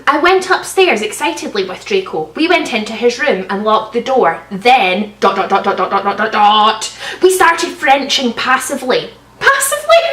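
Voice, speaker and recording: Reading terrible fanfiction aloud at home, a young woman keeps interrupting with mocking, profane, sarcastic comments and fits of laughter. Her high, somewhat bright voice carries a little hiss or hum, captured with a slightly distant mic in a roomy-sounding space.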